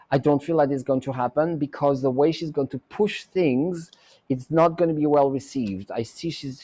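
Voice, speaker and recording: A man's voice: medium pitch, warm tone. A man hosting a psychic talk show, chatting loosely through a tarot reading with many fillers and restarts. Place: Mexico.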